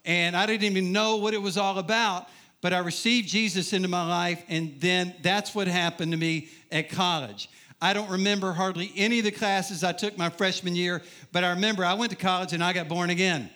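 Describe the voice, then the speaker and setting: A middle-aged man preaching to a crowd, with a high voice that rings bright and forceful. He tells his story with humor and keeps checking in with the listeners. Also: fairly even intonation, fairly quick. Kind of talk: sermon testimony.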